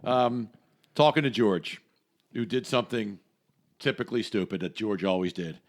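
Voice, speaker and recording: A man co-hosting a podcast, talking in an animated, casual way as he lists favorite one-liners. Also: on the low side, moderate pace.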